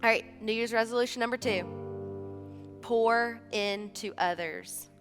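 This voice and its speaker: A woman, preaching a sermon in a chatty, animated way and acting out little bits of dialogue. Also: fairly high pitch, a little slow. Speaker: church speaker. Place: large church hall. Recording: live church hall, reverberant, music behind.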